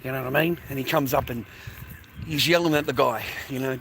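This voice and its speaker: A man's voice: medium pitch, steady tone, brisk, gravelly, fairly bright tone, a little hiss or hum. A middle-aged man, rambling and swearing while livestreaming on a phone, tired and coughing. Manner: swearing, rambling, calls listeners mate. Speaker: live streamer. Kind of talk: rambling casual livestream chat.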